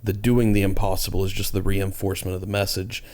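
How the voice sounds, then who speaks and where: Low, even-toned male podcast co-host. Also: fast talker. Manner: earnest, explanatory, leans on "like". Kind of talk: casual podcast discussion.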